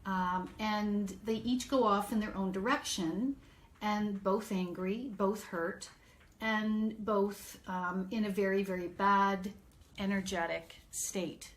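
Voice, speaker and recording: Middle-aged woman, parent coach on a live stream, unhurried and earnest. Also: medium pitch, steady tone. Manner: earnest, reassuring, thinks aloud with fillers.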